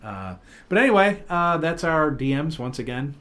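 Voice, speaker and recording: A man's voice: fairly high pitch, normal speed. Rambling, laughing male podcast host. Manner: rambling, animated storytelling with fillers and laughs. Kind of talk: casual chat.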